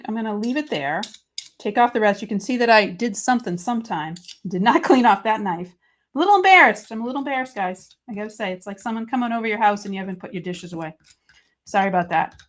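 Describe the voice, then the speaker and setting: This woman talks fast in a mid-range voice while running a live papercrafting stream. She's excitable and talkative, reading viewer comments aloud as she works.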